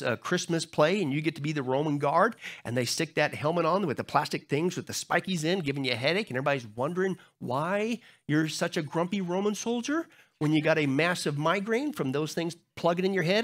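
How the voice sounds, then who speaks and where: Man preaching, fairly high voice, emphatic, rhetorical questions, jokey asides. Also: fairly bright tone. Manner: joking, conversational preaching. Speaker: pastor. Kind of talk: sermon.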